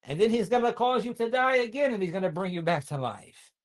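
Man, high voice, preacher, sermon to young listeners, keeps asking questions, recites and translates Arabic verses. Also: sing-song, fairly quick. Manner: asks the audience many questions. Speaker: Islamic preacher.

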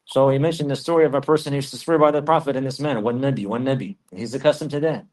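A man giving a religious lesson, explaining in a measured way and repeating key phrases for emphasis. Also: a little high, fairly even intonation, a little mellow. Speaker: religious teacher.

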